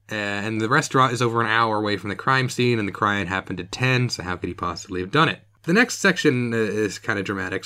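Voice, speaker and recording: A man's voice: medium pitch, bright, forceful tone. A man co-hosting a podcast, recapping an old TV episode in casual, jokey chat, laughing often. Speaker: podcast co-host.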